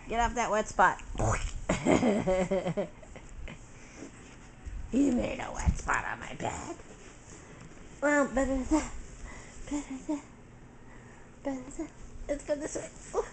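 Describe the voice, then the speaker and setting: Older woman, grandmother, baby talk, sing-song, lilting, very slow. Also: a little high, a little hiss or hum. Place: bedroom at home.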